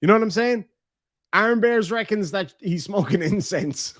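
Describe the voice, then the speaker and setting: A man's voice: high voice, moderate pace, a bit bright. An Irish man giving mocking, chatty live-stream commentary and talking to his chat. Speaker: streamer reacting to court videos.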